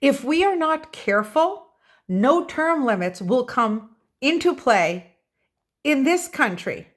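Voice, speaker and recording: An American political vlogger offers opinionated commentary, speaking straight to her viewers and stressing key words. Her voice sits high, with big pitch swings and a slow delivery.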